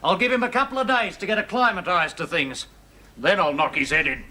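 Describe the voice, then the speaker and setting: An actor playing a brash, hot-tempered Australian neighbour with an Australian accent, blustering and threatening. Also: male voice, high voice, very animated, brisk, heavy background noise. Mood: belligerent. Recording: sitcom with loud studio audience laughter.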